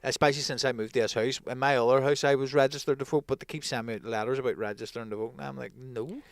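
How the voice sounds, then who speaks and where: A man's voice: medium pitch, steady tone, racing, no room sound, studio quality. A man with a Northern Irish accent, co-hosting a casual podcast chat in a blunt style, swearing and calling the other host mate. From Northern Ireland.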